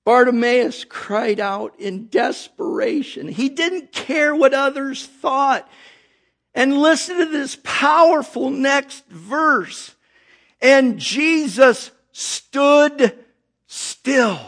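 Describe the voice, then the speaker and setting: A man preaching a sermon, reading scripture and calling out to the congregation with slow emphasis. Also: extremely high pitch, gravelly, a bit bright.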